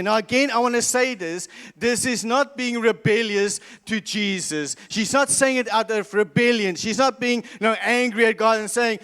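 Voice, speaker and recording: Male pastor with a high voice, emphatic preacher who repeats key lines, recorded in a reverberant church hall. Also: unhurried, fairly bright tone, clean tone. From South Africa. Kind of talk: sermon.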